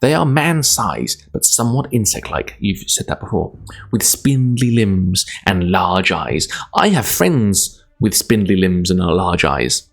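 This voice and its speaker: A man's voice: low-pitched, very animated, unhurried, gravelly. A Scottish man streaming live, reading a gamebook aloud in a chatty, self-deprecating way, laughing often.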